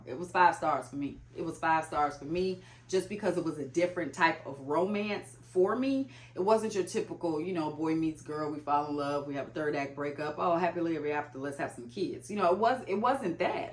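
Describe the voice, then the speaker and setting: A young woman with a low voice chats about books in a loose, rambling way, filling her talk with "like." The room around her is echoey, so her voice bounces a little. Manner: chatty, full of "like" fillers. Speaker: book vlogger. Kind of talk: casual chat.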